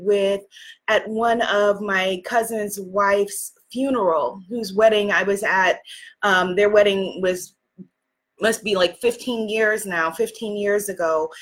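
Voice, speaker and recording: A woman's voice: mid-range voice, a bit bright. A woman in her forties hosting a spiritual livestream from a makeshift home studio, greeting viewers by name and speaking in an effusive, inspirational way. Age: 40s. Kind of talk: casual livestream talk. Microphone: phone or computer camera.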